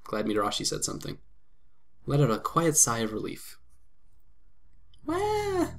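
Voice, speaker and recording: A man hosting a let's play, reading a visual novel aloud with quick laughs and commentary. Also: lowish voice, creaky. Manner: lively reading broken by laughs and asides.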